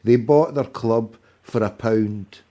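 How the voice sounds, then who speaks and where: A man's voice: on the low side, slow pace, mellow. A man hosting a fan phone-in, blunt and bossy, cutting in on callers. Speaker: phone-in host.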